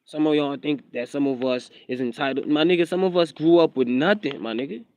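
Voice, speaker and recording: A man's voice: on the high side, brisk, darkish tone, smooth, dry recording. A young man from Eswatini, a rapper and content creator, rambling defiantly on a phone livestream with a South African accent tinged American. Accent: South African, with an American twang. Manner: rambling, repeats himself, defiant street talk. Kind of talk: casual livestream vlog. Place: outdoors in drizzle, hunched over phone.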